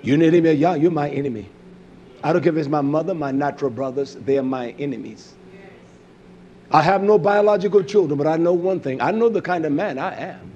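Man, preacher, high voice, fiery sermon, combative, profane, loud bursts and low mutters. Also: brisk, muffled recording, slight background noise. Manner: confrontational, profane, scolding; swings between loud outbursts and low muttering.

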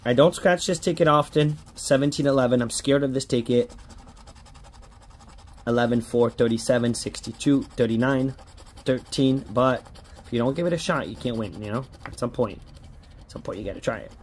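A man's voice: medium pitch, moderate pace. A man giving casual running commentary as he scratches lottery tickets, chatty and hopeful, pleading with each ticket to hit.

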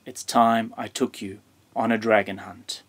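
A man voicing a blustery, hard-of-hearing old grandfather in a children's storybook, making loud, booming declarations. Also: steady tone, a little slow.

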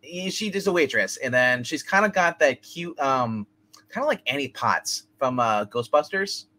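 A man's voice: medium pitch, animated, moderate pace, pushed and bright. A man hosting a movie review podcast, rambling through a plot recap with lots of fillers and laughs. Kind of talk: casual chat.

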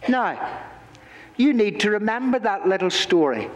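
A male pastor giving a children's sermon, telling stories in an animated, playful way in a church. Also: high-pitched, measured pace. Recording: echoey church hall.

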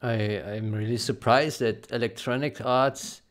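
A man with a gravelly, creaky voice at an ordinary middle pitch, talking casually and haltingly. He stumbles over his words and repeats phrases again and again, like someone overwhelmed with joy. It sounds like a quick, unscripted vlog recording. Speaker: game modding developer.

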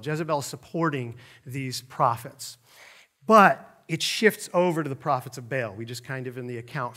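A middle-aged man giving a conversational Bible lesson, laughing often and acting out the quotes with a raised voice. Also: fairly high pitch. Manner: animated, laughs often, acts out quotes loudly. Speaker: Bible teacher.

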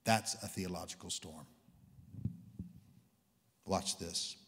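A male preacher delivering a sermon in a church hall, his voice trailing off in long reverb. He swings from loud, excited exclamations down to hushed, near-whispered lines. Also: low-pitched, slow pace. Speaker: guest preacher.

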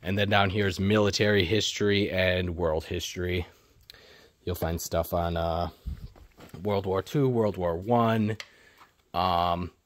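Man, low voice, dry close sound, bookstore owner giving a brisk walking tour, lists titles nonstop. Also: a bit bright, no echo. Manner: rapid listing, hums filler tunes. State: out of breath.

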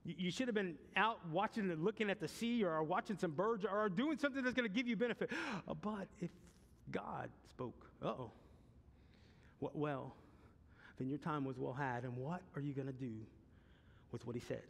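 A pastor in his forties preaching a sermon, swinging between loud preaching and hushed questions, often stammering and repeating words. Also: high voice, moderate pace, creaky. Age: 40s. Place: church sanctuary. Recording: long reverb of a church hall.

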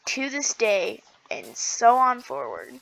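A woman chatting casually while playing a video game, excitable and giggly, gasping and stammering as she goes. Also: a little high, takes it slowly, creaky, a little hiss or hum, poor audio. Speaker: gaming video host. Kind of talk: casual gameplay chat.

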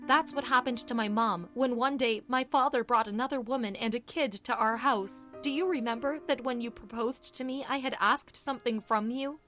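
A woman's voice: on the high side, moderate pace, few pauses, a bit bright, faint music behind, voice pushed up, natural voice. A woman voicing a hurt, furious young wife in an audiobook, sobbing and hurling accusing questions. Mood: bitter. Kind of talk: audiobook character voice.

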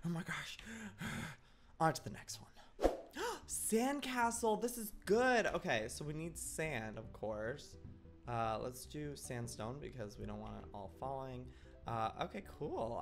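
An excitable young man narrates his game in the style of a let's-play, his voice leaping wildly up and down as he swings between fussing and mock-outraged shrieks. He talks to an unseen audience from a desk mic. Soft music plays faintly under him. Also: medium pitch, gravelly. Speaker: gaming YouTuber.

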